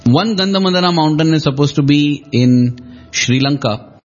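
A man in a relaxed spiritual discussion, retelling a story and explaining its lesson in a reflective way. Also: fairly high pitch, moderate pace, faint music behind. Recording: dull lo-fi recording.

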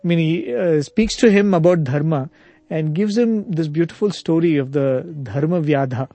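A man retelling a spiritual story in casual conversation, hesitant with many fillers and soft chuckles. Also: on the high side, normal speed, dry recording.

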